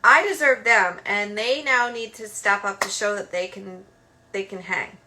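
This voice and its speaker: A woman's voice: mid-range voice, unhurried, sharp tone. A woman hosting her own show, talking casually and emphatically, with lots of filler words. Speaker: host. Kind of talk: casual monologue.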